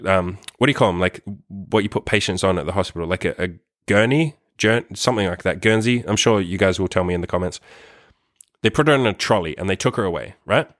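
A man's voice: lowish voice, fairly bright tone, no echo, studio quality. A young man telling a personal story to camera in a rambling, profane way, full of fillers and tag questions. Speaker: vlogger.

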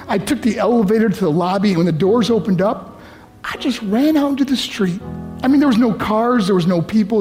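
A man from New York, a motivational speaker telling a personal story to high school students in earnest, vivid storytelling. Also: darkish tone.

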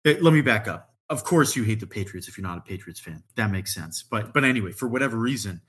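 A man's voice: fairly low pitch, animated, quick pace, a bit bright, breathy edge. A man, a podcast guest, telling a rambling story in casual chat, full of "like" and frequent laughter.

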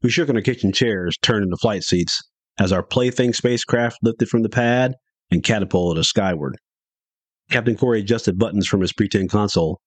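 A man's voice: lowish voice, slightly rough, no room sound. A middle-aged man hosting a podcast, telling a story in a folksy, rambling way.

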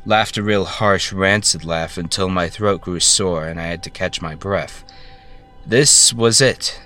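A man with a deep, low voice narrates a brooding first-person story. He stumbles and corrects himself mid-thought, and soft music plays underneath. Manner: halting, stammering self-corrections.

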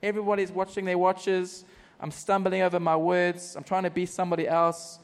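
South African preacher, high voice for a man, lively self-mocking storyteller, long hall reverb. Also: brisk. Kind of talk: personal testimony sermon. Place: church service.

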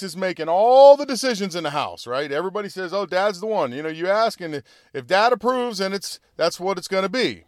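Smooth-voiced man musing on fatherhood. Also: high voice, no echo, studio quality. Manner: storytelling, conversational, with asides and chuckles. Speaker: political commentary host. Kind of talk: casual monologue.

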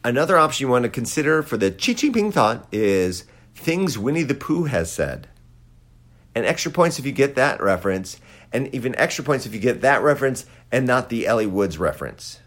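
A man's voice: mid-range voice, very animated, brisk, a bit bright. A man delivering a satirical political monologue with sarcastic, dry asides. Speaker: commentator.

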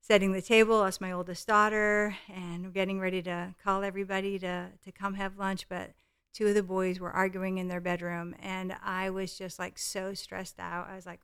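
A woman's voice: medium pitch, little pitch movement, moderate pace, a bit bright, smooth. A middle-aged woman guest telling a personal parenting story in an earnest, heartfelt way. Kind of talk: storytelling in conversation.

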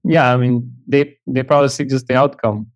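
A man hosting a podcast interview, speaking in a hesitant, halting way. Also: medium pitch, steady tone, highs cut off. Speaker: host. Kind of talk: casual interview chat.

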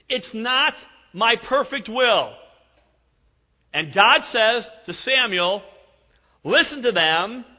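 A middle-aged man preaching a sermon, telling stories with emphasis and dropping to a hush for effect. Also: high-pitched. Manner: storytelling, emphatic, with dramatic drops to a hush. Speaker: pastor. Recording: dull recording with long hall reverb.

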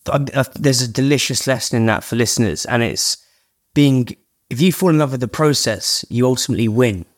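A man's voice: medium pitch, a little fast. Man, podcast host, casual interview chat, blunt, swears freely. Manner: chatty, swears freely, sums up lessons for listeners.

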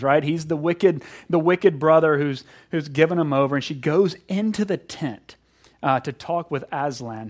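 A middle-aged male pastor delivers a sermon in a slightly higher-pitched voice. He is animated, acting out little voices and swinging between hushed, drawn-out lines and loud, punchy emphasis.

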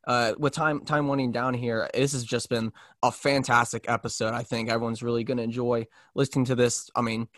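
A young man hosting a sports podcast, chatting casually in a halting way with frequent restarts. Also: medium pitch, level tone, fairly bright tone, no echo, studio quality. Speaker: podcast host.

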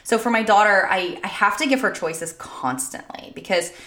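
A woman's voice: mid-range voice, normal speed, bright, forceful tone, roomy sound. A woman in her thirties co-hosting a podcast from home, chatty and laughing often. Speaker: podcast co-host. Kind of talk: casual chat. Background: dogs barking.

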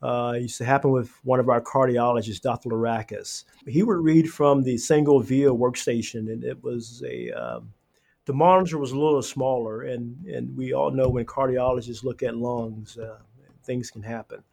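Earnest halting man, many fillers. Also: mid-range voice, gravelly, a little mellow. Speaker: radiology reading room coordinator. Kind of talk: podcast interview answers. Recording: podcast interview.

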